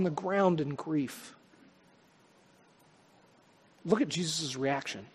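A male pastor preaching a sermon, swelling to loud, high peaks and then dropping to soft, quiet lines. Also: normal speed, long pauses, slightly rough. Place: church sanctuary. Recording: long hall reverb.

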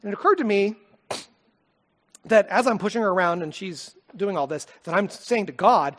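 A man preaching a sermon, telling a personal story in an earnest, heartfelt way and often dropping to a soft, quiet voice. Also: high voice, expressive, normal speed. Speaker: pastor.

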